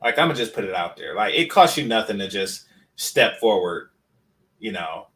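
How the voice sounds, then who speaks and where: A man's voice: lowish voice, very animated, moderate pace, fairly bright tone. Blunt, profane man reacting. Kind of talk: reaction commentary.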